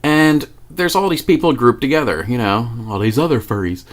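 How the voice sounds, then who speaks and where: A man's voice: mid-range voice, very animated, normal speed. Man, vlogger, rambling, profane, stumbling restarts, casual storytelling. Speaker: video blogger.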